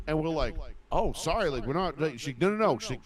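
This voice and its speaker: Guy from boston area rambling thru a story, swears a lot, kinda high voice. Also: quick pace. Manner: rambling, profane, animated storyteller. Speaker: podcast host. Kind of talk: casual storytelling chat.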